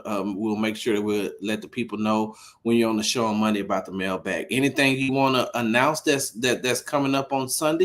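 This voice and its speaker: A man hosting a casual sports talk livestream, animated and incredulous, repeating himself as he gets worked up. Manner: animated, incredulous, repeats himself, rising pitch when riled up. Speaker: host of a sports talk stream.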